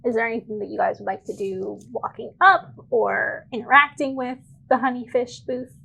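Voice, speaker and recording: Husky high-voiced woman game master. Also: steady tone, normal speed, pushed and bright, poor audio. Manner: chatty, full of "like" fillers, laughs often. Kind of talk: narrating a tabletop game.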